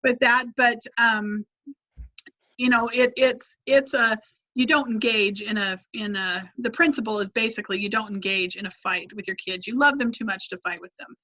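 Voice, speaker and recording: Woman parenting instructor, bright and high, chatty with restarts; muffled lo-fi sound. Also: normal speed. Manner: conversational, many restarts, models phrases to say to kids. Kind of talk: advice in a live Q&A.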